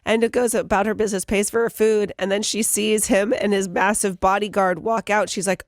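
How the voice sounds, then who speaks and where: A woman co-hosting a morning radio show, reading entertainment news and telling stories briskly. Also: medium pitch, flat delivery, no room sound, clean studio sound. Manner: brisk storytelling, bright laughs.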